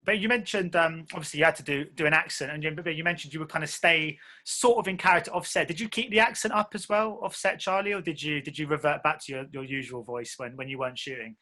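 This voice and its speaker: A male interviewer rattles off long, winding questions at a fast clip. His voice is bright and forceful, sitting a touch higher than most men's. He strings clause after clause together before handing over to his guests.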